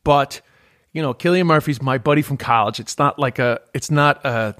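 A man's voice: mid-range voice, normal speed, fairly bright tone. An Irish man in his forties, talking in casual chat, rambling and emphatic with many fillers and the odd swear. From Ireland.

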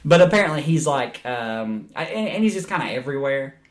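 A man's voice: mid-range voice, sing-song, fairly quick, crowd noise. A man co-hosting a movie podcast, joking around, laughing often and swearing casually. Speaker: podcast co-host. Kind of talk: casual chat.

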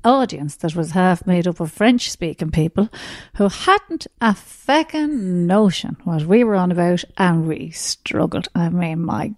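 A middle-aged Irish woman, a comedian, telling a lively anecdote with swearing and laughter. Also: fairly low pitch, unhurried, no room sound, clean studio sound. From Ireland. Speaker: comedian guest. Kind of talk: storytelling interview.

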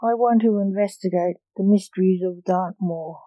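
A woman's voice: mid-range voice, normal speed, dry recording, highs cut off, lightly acted. A woman voicing a hot-tempered, fussy young male magician who snaps indignantly, in a storybook reading. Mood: plain. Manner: indignant, snapping.

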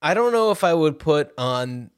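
A man's voice: fairly high pitch, sing-song, normal speed, clear, resonant tone, no echo, studio quality. A man co-hosting a casual movie-chat podcast in an easygoing way, often filling gaps with "you know.". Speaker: podcast co-host.

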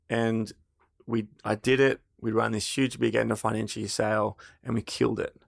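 Gravelly Australian man telling a candid story. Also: on the low side, level tone, normal speed, no room sound, studio quality. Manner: candid storyteller, swears casually. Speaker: co-founder of a fragrance brand. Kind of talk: casual interview chat.

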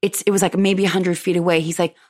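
A woman with a lowish voice tells her listeners a personal story in an effusive, chatty way. She laughs often and slips into the voices of the people she quotes, like a host talking straight to her audience. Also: level tone, quick pace, darkish tone. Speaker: podcast host.

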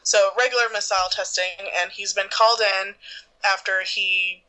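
A podcast host sets up a clip in relaxed, rambling speech, leaning on fillers as they go. The voice is bright and clear. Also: mid-range voice, moderate pace, low-quality recording. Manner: rambling, filler-heavy explaining. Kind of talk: casual chat.

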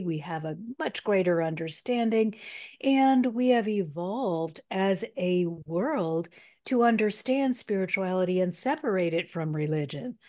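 Woman, spiritual counselor, podcast guest, slow pace, mellow tone, earnest and encouraging. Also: medium pitch. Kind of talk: motivational interview talk.

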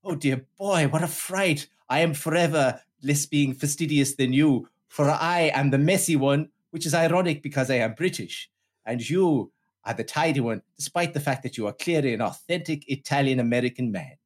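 A man's voice: a little high, pitched above the performer's own voice, lightly acted. A man putting on a hammy fake American accent. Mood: fussy. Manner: slow, drawn-out, over-enunciated.

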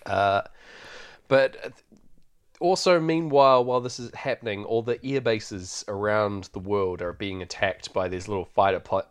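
A man's voice: lowish voice, measured pace, clean tone. A man hosting a podcast, chatting loosely through a film recap and laughing often. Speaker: podcast host. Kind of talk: casual film recap chat.

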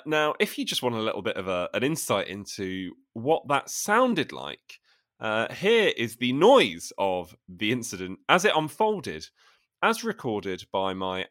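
A man in his late twenties, co-hosting a casual podcast and telling stories in a wry, deadpan way. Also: mid-range voice, a little slow. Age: late 20s. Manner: wry, deadpan storytelling with lively ups and downs. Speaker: podcast co-host.

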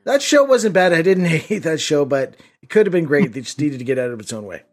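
Man, podcast co-host, slightly high voice, dry quipping sidekick in casual chat. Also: animated, fairly quick, faint music behind. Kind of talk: casual movie riffing chat.

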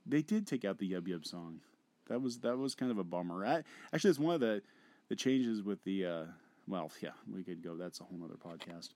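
A man's voice: sits low, animated, brisk, darkish tone, no room sound. A man co-hosting a podcast in casual chat, rambling and hesitant with many fillers. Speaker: podcast co-host.

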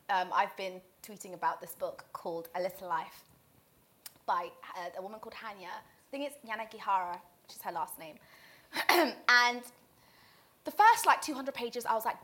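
Non-native english speaking woman on a podcast, crisp bright voice, lots of ums. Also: mid-range voice. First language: not English. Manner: chatty, hesitant with fillers, self-deprecating. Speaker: podcast co-host. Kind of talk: casual chat.

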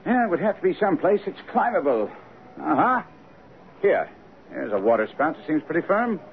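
An actor playing a brisk, commanding middle-aged male detective in a radio drama, with a crisp, precise delivery. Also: on the high side, big pitch swings. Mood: eager. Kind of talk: 1970s radio drama acting. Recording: tinny lo-fi radio broadcast with faint hiss.

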